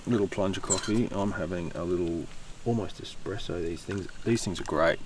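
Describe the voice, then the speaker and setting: Australian male co-host, very deep and gravelly, relaxed short replies, faint outdoor noise. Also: moderate pace, far from the mic. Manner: laid-back, brief replies. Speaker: podcast co-host. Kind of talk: casual outdoor podcast chat.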